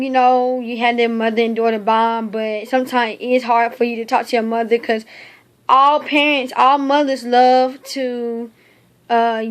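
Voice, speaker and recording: A young woman from North Carolina, speaking in a halting, heartfelt personal video diary full of fillers. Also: fairly high pitch. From North Carolina, United States. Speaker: video diarist.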